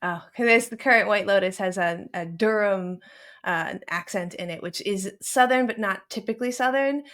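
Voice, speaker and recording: A woman's voice: medium pitch, normal speed, a bit bright. A woman in her thirties hosting a podcast, chatting casually and animatedly about a film and laughing often. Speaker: podcast host.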